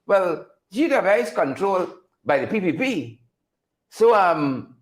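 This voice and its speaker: A Guyanese man hosts a political commentary show. His voice sits high and he takes his time, repeating words and firing rhetorical questions at his viewers. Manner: emphatic, repetitive, rhetorical questions; reads out viewer names. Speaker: host.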